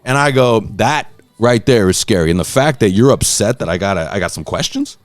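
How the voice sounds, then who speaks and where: This is a man in a loose podcast conversation who gets wrapped up in his own stories. His voice leaps around in pitch as he acts out the lines of the people in them. He swears freely and calls his listener bro. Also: brisk, dry recording, soft background music. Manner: animated storyteller, acts out quotes in a raised voice. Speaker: podcast host. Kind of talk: casual chat.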